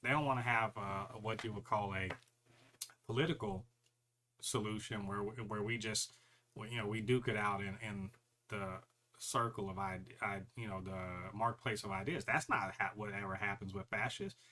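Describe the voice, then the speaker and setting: A man co-hosting a podcast, talking in a loose, animated rant full of profanity and mocking impressions of other people. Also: on the low side, moderate pace, slight background noise. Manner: animated, profane, mocks others in put-on voices. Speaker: podcast co-host. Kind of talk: casual chat.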